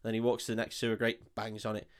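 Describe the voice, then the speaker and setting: A man's voice: lowish voice, completely flat delivery, clean tone. Swearing man recapping a film. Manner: swearing, acts out film lines in quick voices. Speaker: podcast co-host. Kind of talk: casual chat retelling a film.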